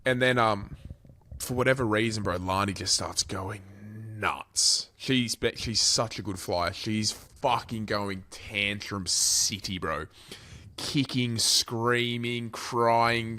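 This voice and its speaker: Animated sweary Australian man. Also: fairly low pitch, slow pace. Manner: animated, sweary storytelling, swinging loud and quiet. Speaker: podcast co-host. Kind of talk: casual storytelling chat.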